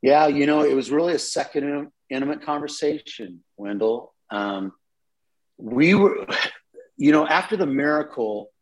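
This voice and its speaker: A man's voice: on the high side, normal speed, rough recording. A middle-aged man, a pastor, telling a personal testimony in an interview, earnest and with frequent repeated words. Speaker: associate pastor.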